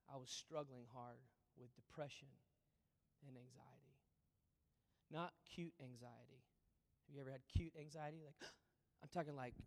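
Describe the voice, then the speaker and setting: A man preaching a sermon as pastor, moving between loud emphatic lines and hushed, almost whispered ones. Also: medium pitch. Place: church auditorium. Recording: long reverb of a large hall.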